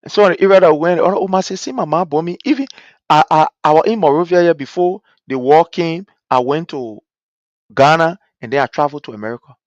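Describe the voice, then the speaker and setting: A fervent political speaker rallies supporters abroad, repeating phrases over and over. The voice sits in a middle pitch and sounds close and dry, with no room echo. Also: fast talker, muffled recording. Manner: fervent, repetitive rallying cries. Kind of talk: impassioned political address.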